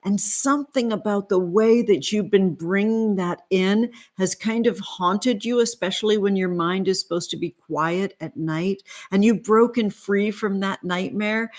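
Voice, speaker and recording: A woman's voice: mid-range voice, unhurried, hardly any pauses, darkish tone. A woman hosting a casual livestream tarot reading, gushing and affectionate as she greets her viewers. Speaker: tarot reader and livestream host.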